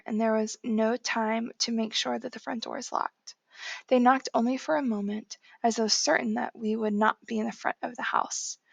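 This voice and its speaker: A woman narrating a novel in the first person, in a measured storytelling voice. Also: fairly high pitch, gravelly, dry recording. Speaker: audiobook narrator.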